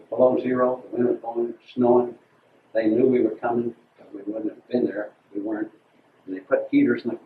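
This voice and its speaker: An older retired officer tells a blunt, dry war story to a squadron. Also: male voice, on the low side. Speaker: retired Air Force colonel recounting a mission. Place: large room with an audience. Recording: distant, roomy, phone-like with faint noise.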